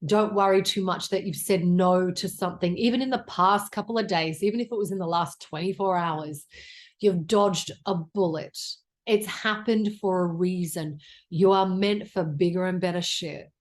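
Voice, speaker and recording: A woman's voice: on the low side, unhurried. An Australian woman in her forties giving a casual tarot reading, blunt and chatty, with plenty of swearing. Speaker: tarot reader.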